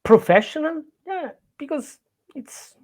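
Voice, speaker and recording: A man's voice: very high voice, lively intonation, unhurried, a little mellow. A man who is not a native English speaker, a podcast guest talking hesitantly and modestly, searching for words. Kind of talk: casual podcast interview.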